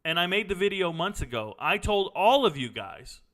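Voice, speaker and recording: A man's voice: high voice, very animated, normal speed, a bit bright. A middle-aged man hosting a casual sports Q&A, blunt and opinionated, wandering into stories. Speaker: sports commentary host answering viewer questions. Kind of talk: casual live Q&A chat.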